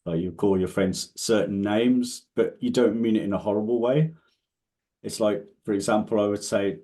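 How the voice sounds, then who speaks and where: Low-voiced British man telling stories. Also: moderate pace. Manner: animated anecdotal storytelling with frequent restarts. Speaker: interview guest. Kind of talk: casual chat.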